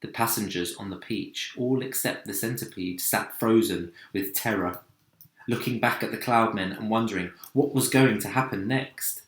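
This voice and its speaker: A man, a teacher, reading a children's book aloud in a slow, expressive storytelling voice. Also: fairly low pitch, echoey room.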